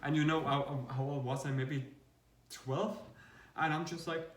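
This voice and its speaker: A man co-hosting a reaction video, telling a story in a casual, animated way and laughing often. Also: a little high, a little slow, echoey room, distant mic. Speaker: reaction channel co-host.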